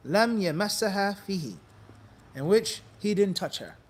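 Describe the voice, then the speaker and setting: High-voiced man teaching a lively class. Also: moderate pace. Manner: animated, quizzes class with repeated "what?" prompts; acts out quoted people in lively bits. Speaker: Islamic law teacher. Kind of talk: classroom lecture.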